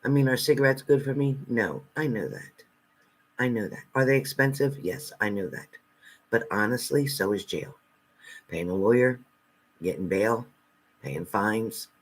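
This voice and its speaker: A man hosting a live stream as a spiritual reader, reading out viewer comments and answering them bluntly, swinging between loud outbursts and low muttered asides. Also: unhurried. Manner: blunt and confrontational, talking back to commenters.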